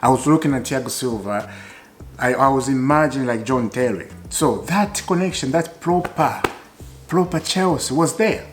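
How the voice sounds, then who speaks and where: A man talking to camera as a football fan vlogger, emotional and repetitive, swinging between loud bursts and quiet musing. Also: medium pitch, normal speed, music in the background. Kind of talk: casual fan commentary to camera.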